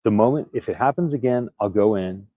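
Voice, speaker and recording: Weak, earnest man with a low voice. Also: brisk, no echo, phone-quality sound. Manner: candid, earnest, prone to restarts and little laughs. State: weak and recovering from illness. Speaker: vlogger. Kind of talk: casual storytelling to camera.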